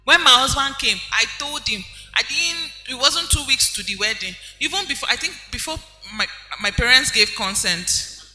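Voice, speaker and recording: A woman's voice: high voice, animated, moderate pace, bright, forceful tone. A woman preaching a sermon, telling personal stories in a conversational way. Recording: echoey hall with faint music.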